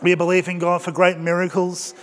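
A man preaches to his congregation with energy and humor, his voice high and lively. It rings through a church with a long reverb. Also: brisk. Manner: energetic, joking, exhorting the congregation. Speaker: pastor. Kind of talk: sermon.

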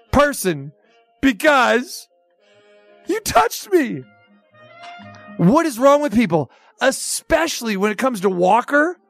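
Sports radio host, man with a strikingly high voice, incredulous mocking rant over a faint music bed. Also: fairly bright tone, no room sound.

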